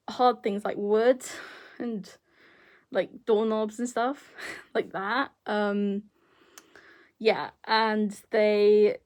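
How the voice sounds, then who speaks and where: A woman's voice: medium pitch, darkish tone. A young woman chatting casually to camera, rambling with many fillers and restarts. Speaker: vlogger. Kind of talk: casual chat.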